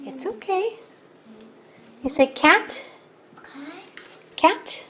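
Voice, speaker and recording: Coaxing, lively mother behind the camera. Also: very high voice, extremely slow, poor audio. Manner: sing-song, coaxing talk to a child and a cat. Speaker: mother filming her child. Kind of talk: home video narration. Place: at home with a couch.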